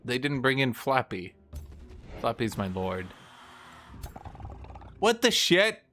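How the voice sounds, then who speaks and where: Lively, bright-voiced young male streamer. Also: mid-range voice, slow pace, slight background noise. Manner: talks to chat, wry, exclaims and trails off. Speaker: game streamer. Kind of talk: casual gameplay commentary.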